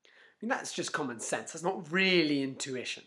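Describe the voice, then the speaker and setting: In a fairly high-pitched voice at a moderate pace, a self-help vlogger speaks casually to camera with motivational stories. He's an animated storyteller who restarts frequently and acts out inner voices.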